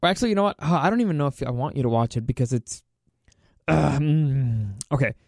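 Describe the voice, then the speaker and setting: A man vlogging a casual opinion rant, animated and incredulous, with crude outbursts. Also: medium pitch, fairly quick, gravelly, no echo, clean studio sound.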